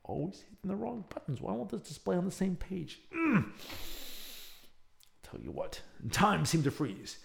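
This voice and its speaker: A man's voice: high voice, sing-song, moderate pace, vocal fry, long pauses, a little mellow. A male podcast host chatting and reading a serialized story aloud, with chatty asides. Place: home, near an open window.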